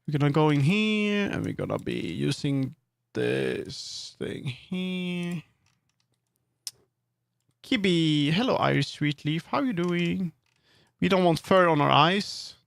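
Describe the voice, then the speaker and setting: A man's voice: on the high side, creaky, smooth, dry recording. A man chatting casually on a live stream, thinking aloud and correcting himself as he works. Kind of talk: casual live-stream chat while working.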